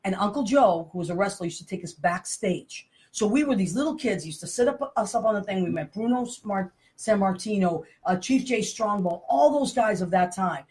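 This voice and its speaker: A woman, hosting a show with loud, laughing, rambling talk. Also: medium pitch, animated, normal speed, few pauses. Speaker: host. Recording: noisy room sound.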